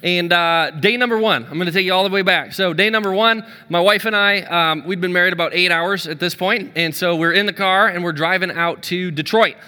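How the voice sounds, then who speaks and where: A man on a church staff preaching a sermon, telling a story with lively energy and acting out the dialogue. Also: high voice, a little fast, few pauses, big-room sound. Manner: energetic, acts out dialogue in his stories.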